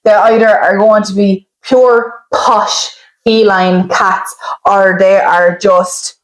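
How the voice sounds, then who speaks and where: A woman's voice: medium pitch, fairly even intonation, takes it slowly. A young Irish woman co-hosting a podcast in casual chat, frank and joking as she leads the segments. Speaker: podcast co-host. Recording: roomy with faint background noise.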